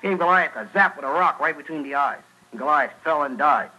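A comedian telling a Bible story as a jive street tale, with shrill put-on screams for the characters. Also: male voice, lively intonation, brisk, bright, forceful tone. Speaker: stand-up comedian. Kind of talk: stand-up storytelling. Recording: noisy old radio broadcast.

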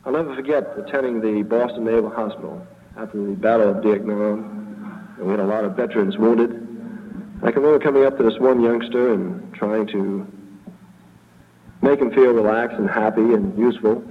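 A man giving an earnest, halting acceptance speech at a banquet, repeating himself as he goes. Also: lowish voice, a little hiss or hum. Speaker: award recipient giving a speech. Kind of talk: public speech. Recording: tinny archive recording in an echoey hall.

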